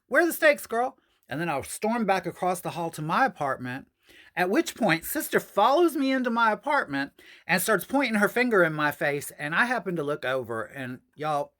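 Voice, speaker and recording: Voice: medium pitch, fairly bright tone. A host telling a personal story in a casual vlog, chatty and addressing viewers as "y'all.".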